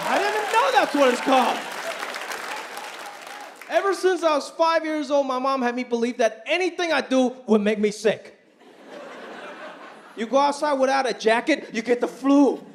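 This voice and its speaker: Animated high-voiced man doing stand-up. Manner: animated, acts out quoted voices. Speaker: stand-up comedian. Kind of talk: stand-up comedy routine. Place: comedy club stage. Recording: live club recording with crowd noise. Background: audience laughter.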